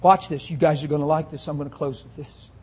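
A male pastor preaching a sermon, forceful and confrontational, often breaking into shouts. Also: a little high, fairly even intonation, quick pace, slightly rough.

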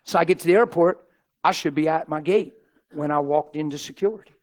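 A middle-aged man preaching in a folksy, animated way, telling stories and acting out the people in them. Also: fairly high pitch, a little fast. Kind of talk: storytelling sermon.

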